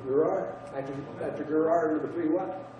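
A man with a Southern US accent teaching a Bible class, halting and repeating himself as he quizzes the group. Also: a little high, fairly even intonation, noisy background. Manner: halting, repeats words, asks the class questions. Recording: echoey room from far off, dull sound.

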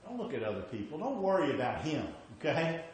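A man's voice: a little high, very animated, brisk, darkish tone, slight background noise. A man preaching a sermon, emphatic, repeating his points and often checking in with "okay?". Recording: very echoey hall with faint ambience.

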